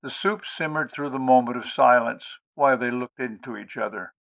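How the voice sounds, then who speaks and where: A man hosting and narrating an audiobook in a measured, expressive way. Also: mid-range voice, vocal fry. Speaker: audiobook reader, host.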